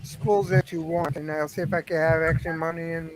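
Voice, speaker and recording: A man with a high voice talks casually as a guest on an online call, hesitating and hunting for his words. A faint hiss runs under his call mic. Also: flat delivery, fairly quick. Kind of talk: casual chat.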